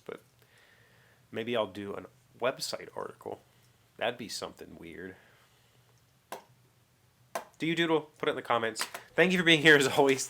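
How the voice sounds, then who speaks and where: Chatty, bright-voiced man vlogging. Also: fairly low pitch. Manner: rambling, self-correcting, chatty. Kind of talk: casual daily vlog monologue. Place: home workshop.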